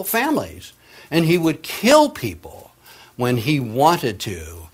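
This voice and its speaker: A man delivering a sermon at a middle pitch. His voice drops low and quiet for reflective points and rises loud and urgent for emphasis. He leans on dramatic pauses between phrases. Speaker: preacher.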